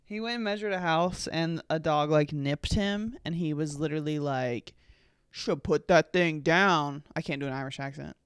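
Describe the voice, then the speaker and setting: A woman's voice: low voice, fairly quick, few pauses, clean tone, dry recording, studio quality. Rambling, sweary young woman podcaster. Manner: rambling, sweary, filler-heavy, sarcastic. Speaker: podcast host. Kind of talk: casual solo podcast chat.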